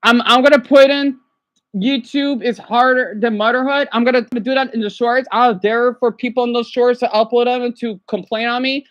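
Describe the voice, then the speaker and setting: Agitated high-voiced woman ranting on a livestream. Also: steady tone, a little fast, hardly any pauses, dull audio. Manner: agitated, swings between angry outbursts and hushed apologies. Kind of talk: casual livestream rant.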